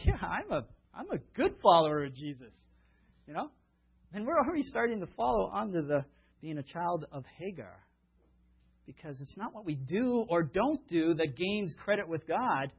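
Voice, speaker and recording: A man's voice: high-pitched, breathy edge. A man preaching a sermon in a conversational way, with fillers, stories and rhetorical questions, on a dull lo-fi recording. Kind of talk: sermon with storytelling.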